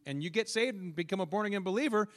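Male pastor, high voice, lively storytelling sermon with questions to the congregation. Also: quick pace. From northern United States. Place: church.

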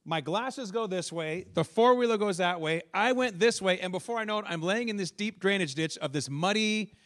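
A man's voice: high voice, normal speed, a bit bright. A male pastor from the northern United States preaching a sermon in church, telling stories and asking the congregation questions.

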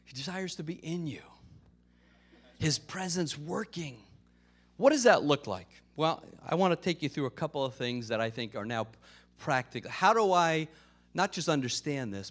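A man preaching a sermon as pastor, in a conversational way with casual fillers and joke-telling. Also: on the high side.

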